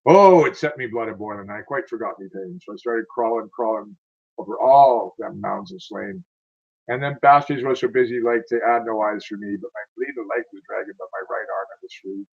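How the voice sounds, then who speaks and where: A man's voice: fairly low pitch, fairly quick, creaky, a little mellow, husky, lo-fi sound. A man reading verse aloud as a wounded male soldier telling his war story, in a rhythmic recitation. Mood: grim.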